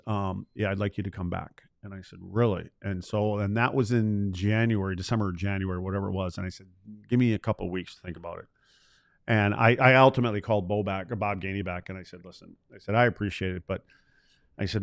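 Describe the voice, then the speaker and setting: A man's voice: on the low side, dry recording, clean studio sound. A man in his sixties, a former player turned podcast co-host, telling rambling stories in casual chat and acting out the dialogue. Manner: rambling storyteller, acts out quoted dialogue.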